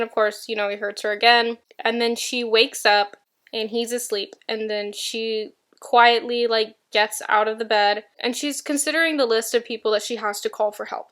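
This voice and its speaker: Young woman, bright voice, kinda high, rambly and sarcastic book chat. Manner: rambling, filler-heavy, sarcastic asides. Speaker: book vlogger. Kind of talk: casual reading vlog chat.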